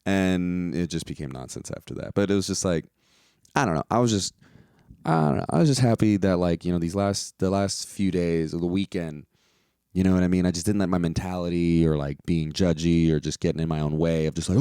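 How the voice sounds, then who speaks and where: A stand-up comedian hosting his own podcast rambles through a casual, profane monologue at a quick pace, now and then breaking into playful high-pitched outbursts. His warm, clean voice comes through clean studio sound with no echo.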